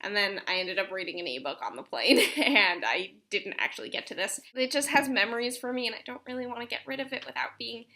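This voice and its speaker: A woman's voice: a little high, fast, few pauses, sharp tone. A young woman chatting casually about books she plans to read, rambling with fillers and restarts. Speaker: book vlogger. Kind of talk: casual chat.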